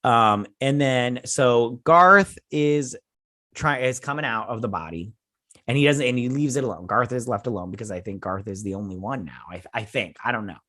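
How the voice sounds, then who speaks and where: Excitable rambling male reviewer. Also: mid-range voice, moderate pace, no echo, clean studio sound. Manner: rambling, excitable, with frequent restarts and acted-out quotes. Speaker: host. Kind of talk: casual episode recap and review.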